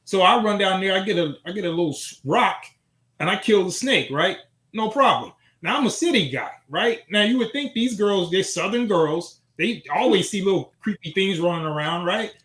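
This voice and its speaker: A man from Chicago in casual podcast talk, telling a relaxed personal story as host. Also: sits high, moderate pace, roomy sound, low-quality recording. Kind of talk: casual chat.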